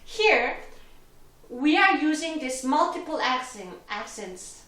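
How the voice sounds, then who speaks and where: Taking it slowly in a high, sing-song voice, a female violin instructor explains the lesson patiently step by step, with small slips in her wording. The mic is distant, so her voice comes from off-mic amid roomy echo and violin playing.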